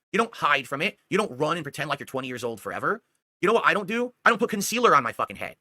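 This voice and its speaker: A man's voice: a little high, sing-song, rapid-fire, sharp tone, no room sound. A man delivering a heated, profane ranting monologue aimed at a rival, scolding him and asking again and again whether he understands. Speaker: streamer.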